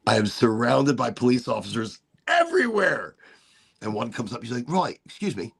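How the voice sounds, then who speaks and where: A male host tells a story in a casual chat, swearing a lot and doing mock British voices for the people he quotes. His medium-pitched voice swoops wildly, with vocal fry and a slight roughness, at a normal speed.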